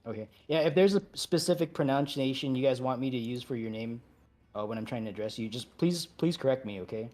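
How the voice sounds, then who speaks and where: A man's voice: mid-range voice, brisk, a little mellow. A man leading a game raid over voice chat, giving easygoing, chatty instructions with apologetic asides. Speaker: raid leader.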